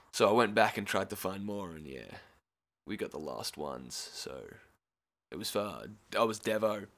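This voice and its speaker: A young Australian man tells a rambling story in a loose, laid-back way, full of swearing and quick laughs. His voice sits a little low for a man. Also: animated, vocal fry, a bit bright. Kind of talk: casual storytelling.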